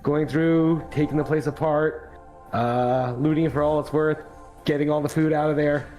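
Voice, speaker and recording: A man recapping the last tabletop game session in a halting way, with many fillers. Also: fairly high pitch, steady tone, darkish tone, faint music behind, poor audio. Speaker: player.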